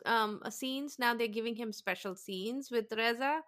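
A woman's voice: a little high, unhurried. A woman co-hosting a podcast, chatting casually about a reality show and acting out what the cast said. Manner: animated, acts out quotes from the cast. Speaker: podcast co-host. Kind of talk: casual reality TV recap chat.

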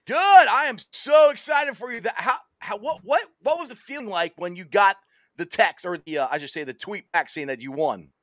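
A man's voice: high-pitched, normal speed, fairly bright tone, no echo. A man hosting a radio interview, enthusiastic and often repeating words as he asks questions. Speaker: radio host.

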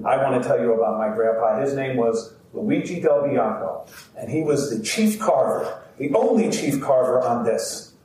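A man's voice: mid-range voice, animated, moderate pace, dark tone. Man storytelling to a crowd from afar. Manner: heartfelt, addressing the crowd directly. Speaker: actor and storyteller. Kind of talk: live storytelling performance. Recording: roomy, distant outdoor sound with faint background noise.

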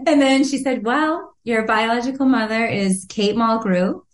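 A woman guest and author telling a personal story in an interview, animated, laughing often and acting out the voices she quotes. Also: on the high side, unhurried, echoey room.

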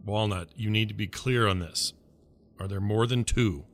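A man's voice: fairly low pitch, moderate pace, lightly acted. A man voicing a grumpy wizard in a tabletop game who snaps and curses impatiently. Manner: irritable, snapping, cursing.

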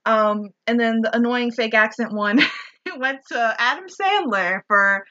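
A woman co-hosts a casual podcast, sarcastic and quick to laugh and swear. Her voice sits a little high, with a bright, sharp edge. The recording is dull and lo-fi. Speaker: podcast co-host. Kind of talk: casual chat.

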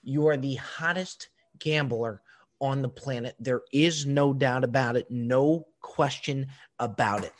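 A man's voice: medium pitch, unhurried. A man co-hosting a casual comedy podcast, lecturing his co-host in a needling, mock-serious way.

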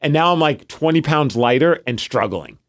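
Picture a man in his thirties chatting on a podcast, his pitch sitting a little high and swinging widely as he gets into a story. He pokes fun at himself and acts out his own thoughts mid-sentence. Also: animated, normal speed. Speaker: podcast co-host. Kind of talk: casual chat.

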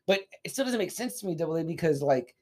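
A man co-hosting a casual podcast about an old movie, talking in a loose, animated and profane way. His voice sits a little high for a man. He drops into brief impressions of the characters as he retells scenes. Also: fast. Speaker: podcast co-host. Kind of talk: casual movie-review chat.

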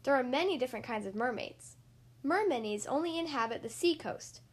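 A woman's voice: high voice, animated, brisk. A woman reading aloud, voicing a tiny shy female mermaid who talks primly and stammers.

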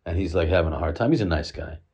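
A man's voice: low voice, fast talker, a little mellow, breathy edge. A middle-aged man from the United States telling a rambling, casual story full of fillers and swearing. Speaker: vlogger.

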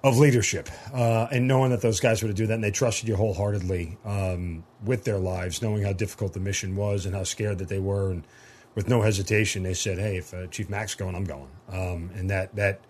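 A man hosting an interview, supportive and reflective, trailing off softly as he speaks. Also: sits low, fairly even intonation, a little fast, a little hiss or hum. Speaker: podcast host. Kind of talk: interview conversation.

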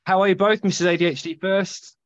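A man's voice: sits high, little pitch movement, a little fast, no room sound. Male podcast host, casual sarcastic ribbing, dry muffled recording. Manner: teasing, sarcastic. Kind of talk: casual banter. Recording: dull dry lo-fi sound.

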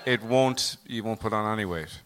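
Wry man, bright voice. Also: fairly low pitch, normal speed. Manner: wry, teasing. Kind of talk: casual comedy chat.

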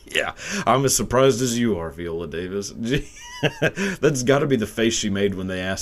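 Low-voiced man on a crude, rambling rant. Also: huge pitch swings, measured pace, pauses often, a little hiss or hum. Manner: profane, rambling, laughing often. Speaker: video commentator. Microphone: camera mic.

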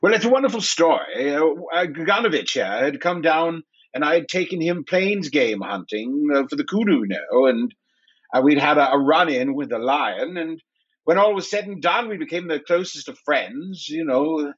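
Man doing English big-game hunter, chatty and genteel, husky voice, slightly dull lo-fi sound. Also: fairly high pitch, lively intonation, moderate pace, fairly bright tone, pitched above the performer's own voice. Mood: genial. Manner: chatty, genteel, full of filler asides. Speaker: player.

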